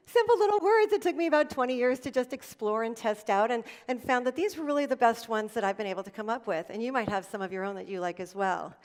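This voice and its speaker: A woman's voice: fairly high pitch, animated, brisk, few pauses, long reverb tail. A middle-aged woman giving a motivational talk to an audience, emphatic and storytelling, repeating her key phrases. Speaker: keynote speaker. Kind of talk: motivational speech. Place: event stage before an audience.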